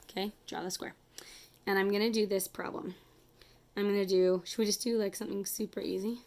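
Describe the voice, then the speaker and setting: A woman's voice: medium pitch, level tone, a little fast, a little mellow. A woman teacher talking children through a math lesson as she draws, chatty and apologetic, counting aloud as she goes. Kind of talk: casual math lesson to kids.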